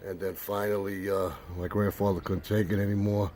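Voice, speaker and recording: An older man telling a rambling personal anecdote with many pauses. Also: low-pitched, level tone, a little mellow, a little hiss or hum. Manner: rambling, many fillers and restarts. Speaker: storyteller.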